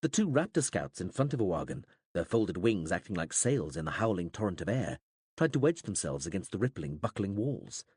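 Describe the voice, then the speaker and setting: Low, husky male audiobook narrator. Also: normal speed, no room sound. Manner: dramatic, expressive storytelling. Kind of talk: scripted narration.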